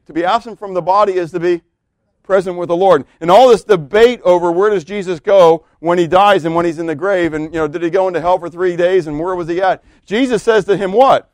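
A man preaching a sermon as pastor, swinging between loud exclamations and quiet asides. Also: high-pitched, fairly quick, dry recording, clean studio sound.

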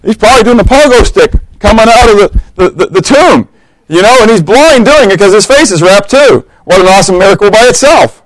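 Animated man preaching a sermon. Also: high voice, fairly quick, no echo, low-quality recording. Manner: animated storytelling, acting out quotes, humorous asides.

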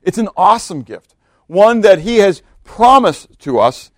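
A man's voice: high voice, big pitch swings, measured pace, no echo, studio quality. A male pastor giving a conversational sermon, often stopping to ask his listeners questions and reading scripture aloud. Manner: conversational preaching with repeated rhetorical questions.

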